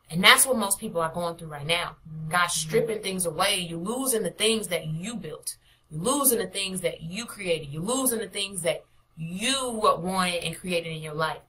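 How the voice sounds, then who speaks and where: Bright-voiced woman preaching with fervor. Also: on the low side, rough recording. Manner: emphatic, repetitive exhortation with bursts of laughter. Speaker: prophetic minister. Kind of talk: informal devotional preaching.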